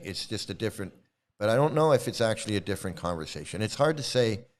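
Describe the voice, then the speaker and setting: A middle-aged man hosting his own channel, ranting angrily and swearing at commenters in a confrontational, profane way. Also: mid-range voice. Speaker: YouTube channel host. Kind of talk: profane live-stream rant.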